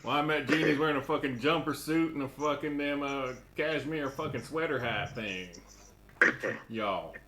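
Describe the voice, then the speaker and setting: A man's voice: mid-range voice, normal speed, a bit bright. A man co-hosting a podcast in casual chat, teasing and profane. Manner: teasing, profane, calls people boy. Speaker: podcast co-host. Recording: background chatter.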